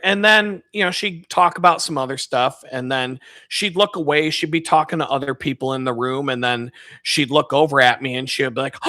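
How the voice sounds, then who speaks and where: A man's voice: mid-range voice, normal speed, few pauses, sharp tone, no room sound, studio quality. A man on a live stream, ranting casually in a profane, rambling, mocking way. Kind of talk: casual rant.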